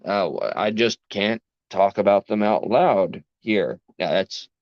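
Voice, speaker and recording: A man with a New York accent talks to his live chat late at night, tired after a long workday. He rambles earnestly and keeps cutting himself off. His low voice comes through a dry, dull, lo-fi recording. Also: slow, no echo. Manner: rambling, self-interrupting, earnest. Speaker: livestream host.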